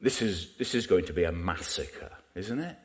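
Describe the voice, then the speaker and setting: A man preaching in a chatty, conversational way, tossing rhetorical questions at his listeners. His voice sits a little low, and it rises and falls as he makes each point. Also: animated, normal speed. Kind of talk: sermon.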